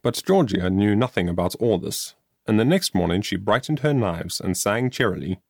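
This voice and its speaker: A man reading an audiobook with a measured, expressive delivery. His voice sits low and moves with lively inflection. The sound is dry and close. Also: gravelly, no echo. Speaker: audiobook narrator. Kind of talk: audiobook narration.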